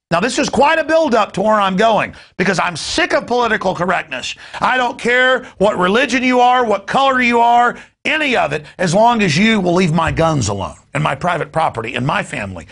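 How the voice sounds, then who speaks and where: Man, talk show host, gravelly voice, hard-edged and forceful, ranting commentary. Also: high-pitched, animated, normal speed. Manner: emphatic, forceful and indignant.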